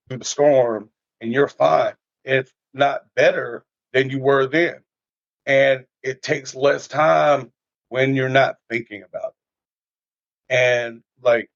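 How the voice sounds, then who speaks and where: Animated man telling stories, dull recording. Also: mid-range voice, dry recording. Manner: animated storyteller, acts out everyday scenes. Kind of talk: casual podcast conversation. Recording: dull lo-fi dry sound.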